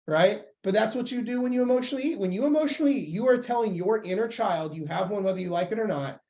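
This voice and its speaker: A young man talking as a podcast guest and weight-loss coach, emphatic and animated in casual conversation. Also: high-pitched, fast talker, hardly any pauses. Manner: emphatic, animated, acts out quoted voices.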